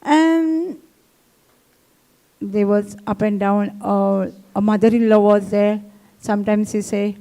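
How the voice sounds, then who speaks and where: A woman's voice: mid-range voice, slow pace, pauses often, warm tone, rough recording. A woman preacher at a retreat, telling a testimony sermon in broken English with frequent "no?" tags. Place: retreat hall.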